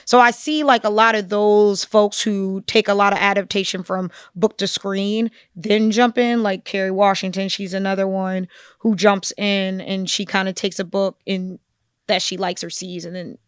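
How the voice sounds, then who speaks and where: Woman, podcast co-host, animated and chatty, dry recording. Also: mid-range voice, moderate pace, smooth, dry recording. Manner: animated, conversational, with frequent asides. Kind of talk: casual book discussion.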